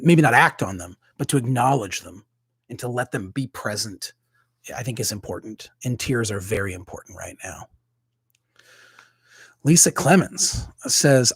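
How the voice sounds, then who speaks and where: A man with a husky, slightly breathy voice chats openly and loosely, circling back with fillers and restarts. He sounds like a priest talking to his online congregation, close to the mic in a dry, dead room. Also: medium pitch, no echo. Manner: candid, rambling, with many fillers and restarts. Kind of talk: casual livestream chat.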